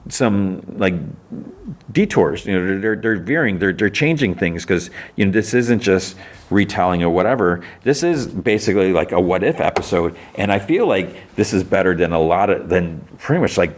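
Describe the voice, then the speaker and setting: A man with a very deep, low-pitched voice talks through an episode recap as a podcast host. He rambles along and leans heavily on fillers, breaking off now and then to act out the characters' lines. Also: lively intonation, moderate pace. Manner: rambling, filler-heavy, acts out quotes. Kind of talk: casual episode recap and review.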